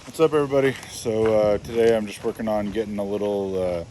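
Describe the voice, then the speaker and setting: A man's voice: fairly low pitch, steady tone, quick pace, poor audio. A man casually talking through a woodworking project on his homestead, thinking aloud as he goes. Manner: easygoing, thinking aloud while working. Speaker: homestead vlogger. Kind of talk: casual vlog talk. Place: outdoors on a rural homestead. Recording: loud outdoor background noise.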